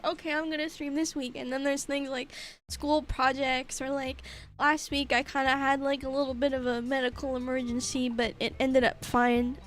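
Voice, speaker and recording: High-pitched young woman streamer, teary and halting, lots of ums and swearing, faint music behind. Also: a bit bright. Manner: halting, many fillers, swears, teary laughs. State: tearful. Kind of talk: emotional livestream chat.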